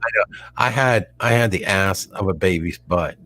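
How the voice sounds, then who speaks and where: A man's voice: low voice, moderate pace, bright, forceful tone, a little hiss or hum. A middle-aged man hosting a call-in show, chatting casually and rambling, often laughing and restarting his sentences. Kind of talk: casual chat.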